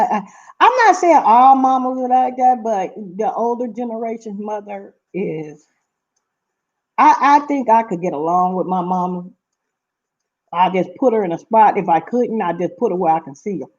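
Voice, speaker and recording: A woman's voice: mid-range voice, expressive, moderate pace, darkish tone, lo-fi sound. A middle-aged woman from Seattle telling stories to camera in a casual vlog, talking emphatically and repeating herself. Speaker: vlogger.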